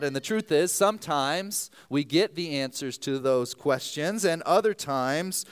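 A man in his thirties, a pastor, who prays earnestly and then preaches a sermon, telling stories in an animated way with some fillers. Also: on the high side, unhurried, few pauses, smooth.

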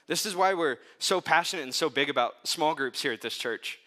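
A male pastor delivering a sermon in a relaxed, conversational manner, slipping into lively storytelling and casual asides. His voice is bright and forceful, set a little higher than most men's. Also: fairly quick.

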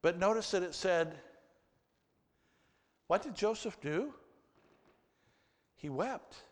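A man preaching a sermon and reading scripture aloud, slow and emphatic, with surges of intensity. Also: sits high, expressive. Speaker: pastor. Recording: reverberant hall.

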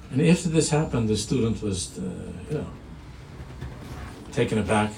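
A man giving a sermon as a rabbi, earnest and storytelling, repeating phrases and slowing down for emphasis. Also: on the low side, darkish tone. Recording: echoey room from a distance with noise.

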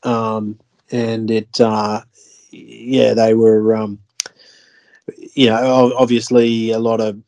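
A man's voice: on the low side, flat delivery, takes it slowly, pauses often, a little mellow, dry recording, lo-fi sound. A man on a podcast, telling a fishing story in a rambling way, with lots of fillers and restarts. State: tired, yawning. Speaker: podcast co-host. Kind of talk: casual chat.

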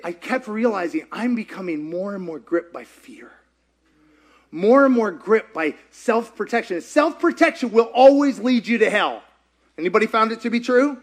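A man preaching a sermon as a pastor, animated and conversational, often asking the audience questions. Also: extremely high pitch, moderate pace.

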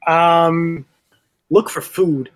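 A man's voice: on the high side, steady tone, very slow, smooth. A man playing in a tabletop game, laid-back and joking as he describes his actions. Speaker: player. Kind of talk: casual tabletop play.

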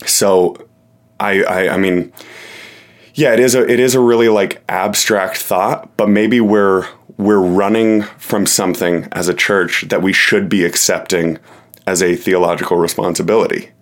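Low-voiced guy on a podcast, kinda hesitant, restarts a lot, pokes fun at himself. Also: steady tone, a little slow. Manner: hesitant, restarts often, self-deprecating. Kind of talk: casual podcast chat.

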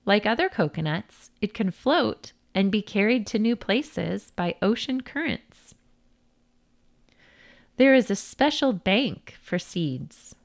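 A woman narrating children's stories and facts in a clear, deliberate, sing-song reading style. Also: medium pitch. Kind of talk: children's storytelling and fact narration.

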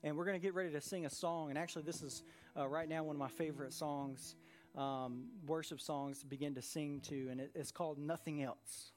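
Pastor, male, higher voice, emphatic sermon delivery with repetition, live church service. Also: steady tone, brisk, a little mellow, soft background music. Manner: earnest, emphatic preaching with repeated phrases.

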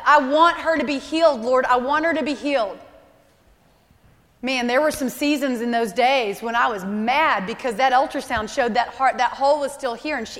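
Woman in her thirties; earnest, emotional sermon with repeated phrases, high voice, reverberant church hall. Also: fairly bright tone. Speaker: speaker at a church service. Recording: live hall with long reverb.

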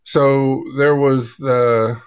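A man of middle pitch co-hosts a casual podcast, polite and quick with mild exclamations. He reads an article aloud in a halting way, pausing over words. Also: flat delivery, smooth. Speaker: podcast co-host. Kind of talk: casual chat.

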